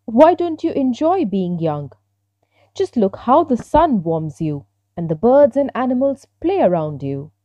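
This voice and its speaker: A friendly, wise old stork, as a woman puts it on for a children's storybook. It speaks kindly and knowingly, with a mellow, lively voice. The recording sounds slightly dull and lo-fi. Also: on the high side, a little slow, dry recording. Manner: kindly, advising.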